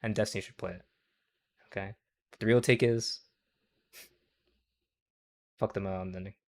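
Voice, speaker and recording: A young man streaming with a somewhat low voice, reacting to clips on the fly. He swears constantly, wanders from point to point and caps his takes with a quick "okay?", laughing at his own jokes as he goes. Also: fairly even intonation, darkish tone. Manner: profane, rambling, tags lines with "okay?". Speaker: livestream host reacting to clips. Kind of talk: casual stream commentary.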